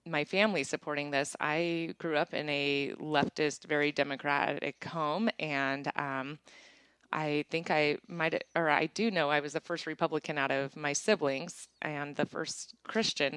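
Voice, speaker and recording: Low-voiced chatty woman telling stories. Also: measured pace, clear, resonant tone, no room sound. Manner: chatty, animated storytelling with bright acted-out quotes. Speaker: apparel business founder, guest. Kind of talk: casual interview chat. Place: small town in Montana.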